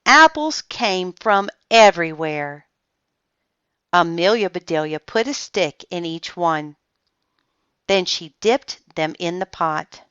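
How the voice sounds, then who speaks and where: Woman narrator for a children's read-aloud, unhurried, lively, dry dull lo-fi audio. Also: lowish voice, smooth, no room sound. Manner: slow, expressive storytelling. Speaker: storybook reader.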